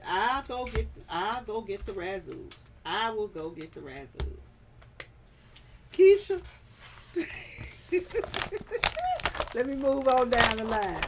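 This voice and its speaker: Woman, casual vlogger chat, unhurried, playful and teasing, light hiss behind. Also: a little high. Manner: laughing hard, playful teasing, Southern slang.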